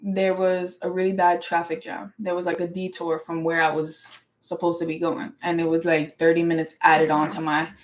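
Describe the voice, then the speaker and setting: A woman's voice: on the low side, low-quality recording. A young woman hosting her own show, telling a story in a casual, emphatic monologue with lots of "like" fillers. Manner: emphatic and animated, talks fast, many "like" fillers. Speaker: show host.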